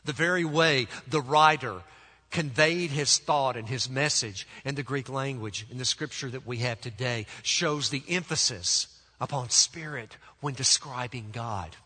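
Male pastor, sermon, bright forceful voice, long church reverb, emphatic with deliberate pauses. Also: breathy edge. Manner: emphatic, deliberate pauses, drops to soft low tones. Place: church sanctuary.

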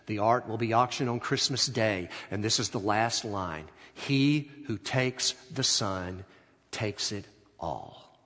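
A man voicing a calm, formal male auctioneer who announces in a measured way, in an echoey hall. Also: lowish voice.

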